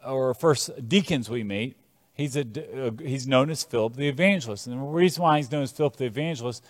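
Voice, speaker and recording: A man preaching a sermon, retelling scripture as animated stories with shifting emphasis. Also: mid-range voice, no echo, long reverb tail.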